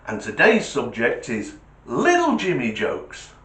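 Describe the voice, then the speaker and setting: A man with a British accent hosting a comedy channel, telling jokes as an animated storyteller who laughs at his own punchlines. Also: medium pitch, unhurried, heavy background noise. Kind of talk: joke telling. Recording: roomy echo.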